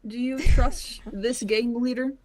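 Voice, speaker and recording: A woman's voice: on the high side, steady tone, a little slow, a little mellow. A woman player in a tabletop role-playing game who asks probing questions and laughs often. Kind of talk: in-character tabletop banter.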